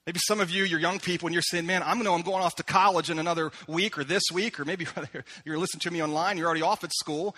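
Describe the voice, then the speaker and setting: A man preaching a sermon in a church, talking conversationally and slowing down to read scripture aloud. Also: fairly high pitch, fairly even intonation, sharp tone. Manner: conversational preaching, slows down when reading scripture. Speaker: pastor. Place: church sanctuary.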